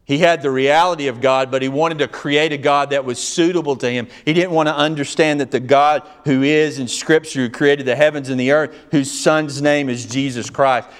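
A man's voice: medium pitch, smooth. A male pastor preaching a sermon, telling stories with emphatic delivery and acting out dialogue.

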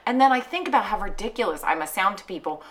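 A young adult woman hosting a podcast, telling stories in an animated, casual way and swearing freely. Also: medium pitch, quick pace. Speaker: podcast host. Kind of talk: casual chat.

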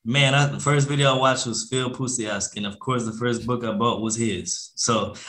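A laid-back young man in a casual interview, talking loosely with slang and acting out phone calls. His voice sits at an ordinary middle pitch for a man. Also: steady tone, moderate pace, fairly bright tone. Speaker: podcast guest, real estate investor.

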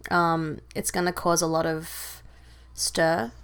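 A woman's voice: sits low, steady tone, slow, a bit bright, smooth. A young woman with an Australian accent, chatting casually as a filmmaker guest and telling stories with lots of filler words. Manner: chatty, storytelling, lots of likes and ums. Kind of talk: casual conversation.

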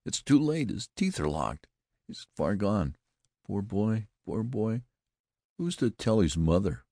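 A man's voice: fairly low pitch, sing-song, takes it slowly, creaky, dark tone, no room sound, clean studio sound, pitched above the performer's own voice, heavily acted. A man voicing a melodramatic camp companion who mourns a supposedly poisoned friend in a hollow, solemn, theatrical voice, in an audiobook. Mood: tragic. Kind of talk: audiobook character voice.

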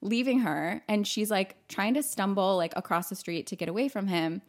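A young woman co-hosting a podcast, chatting casually about a film and telling an animated story, laughing often. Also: mid-range voice, moderate pace. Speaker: podcast co-host. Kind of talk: casual chat recapping a film.

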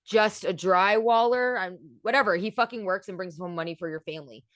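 A woman's voice: medium pitch, a little fast, no echo, studio quality. A woman in her thirties chatting casually with a friend, swearing freely and acting out the lines of the people she talks about. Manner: profane, animated, acts out quotes. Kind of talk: casual chat recapping a film.

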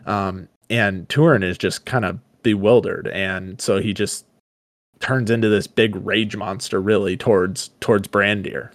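A man's voice: lowish voice, steady tone, a little slow, no room sound. A man co-hosting a podcast, casually retelling a story in his own words and acting out the characters' lines. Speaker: podcast co-host. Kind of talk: casual book discussion and retelling.

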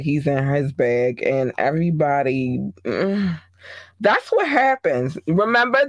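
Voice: medium pitch, no room sound. Gossip podcast host: chatty, slangy, rambling, recorded in a dead-dry room. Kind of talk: casual celebrity gossip commentary.

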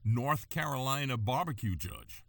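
A man's voice: medium pitch, expressive, normal speed, gravelly, no echo, studio quality. A man hosting a podcast, telling folksy stories in a drawling way. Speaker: podcast host. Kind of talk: casual podcast chat.

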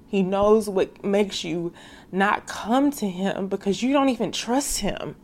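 A woman's voice: mid-range voice, takes it slowly, a little mellow. A young woman hosting a faith podcast, speaking earnestly and casually to her listeners and calling them sis. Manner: casual slangy speech. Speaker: podcast host.

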